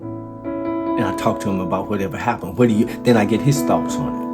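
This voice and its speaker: A man's voice: on the low side, a little fast. A man, telling a personal story and laughing often. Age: 60s. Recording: guitar music underneath. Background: guitar music.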